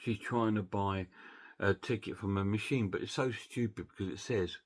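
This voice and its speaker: A man's voice: lowish voice, fairly even intonation, moderate pace. A man casually recapping a film's plot, rambling with many restarts and fillers. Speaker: film reviewer.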